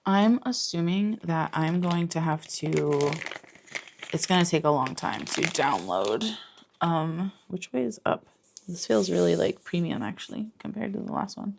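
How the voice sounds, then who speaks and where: A woman in her thirties talks loosely to the camera as she goes about her day at home. Her voice sits a little low. She rambles, curses offhandedly and slips into baby talk with her dog. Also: unhurried, gravelly, darkish tone, slight background noise. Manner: chatty and rambling, swears, coos at her dog. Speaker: vlogger. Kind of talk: casual day-in-the-life vlog. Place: home, indoors and in the yard.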